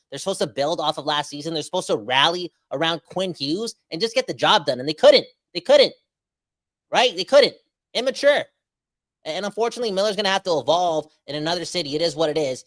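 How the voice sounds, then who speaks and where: A man in his thirties co-hosting a sports podcast, given to excitable, exaggerated ranting. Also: a little high, no echo. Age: 30s. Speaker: podcast co-host. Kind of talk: emotional sports podcast chat.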